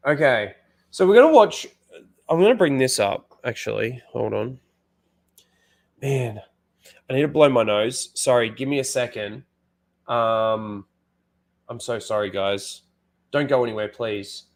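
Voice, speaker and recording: A man hosting a live stream in a loose, unscripted way. He wanders between thoughts, fills gaps with "um" and "uh", and swears bluntly. His voice sits at an ordinary middle pitch. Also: takes it slowly, pauses often. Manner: rambling, filler-heavy, frank and profane. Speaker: host. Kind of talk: casual live-stream commentary.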